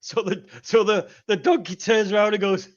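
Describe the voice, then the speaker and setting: High-voiced sarcastic man. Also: normal speed, muffled recording. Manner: animated, mocking, sarcastic storytelling. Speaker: host. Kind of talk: live call-in debate stream.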